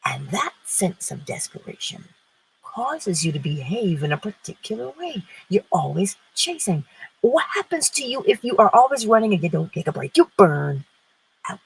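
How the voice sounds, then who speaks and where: A woman's voice: medium pitch, sing-song, moderate pace, creaky, a little hiss or hum, rough recording. A woman hosting an inspirational talk, speaking emphatically and posing rhetorical questions that she answers herself. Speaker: host.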